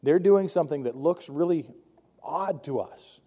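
A man preaches a sermon in a mellow, slightly raised voice, talking in a loose and wry way and often starting sentences over. The voice rings with the long reverb of a large hall. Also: on the high side, a little slow, breathy edge. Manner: conversational, wry, with frequent restarts. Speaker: pastor.

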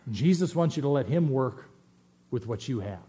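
A middle-aged man preaching a sermon as pastor, swinging between loud emphatic stresses and quiet asides. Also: mid-range voice, expressive, normal speed.

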